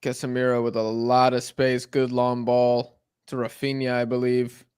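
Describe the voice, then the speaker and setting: A man's voice: mid-range voice, moderate pace, clean tone, no room sound, studio quality. Young man calling football play casually. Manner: relaxed, calls the play as it happens. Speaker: co-host of a match watch-along.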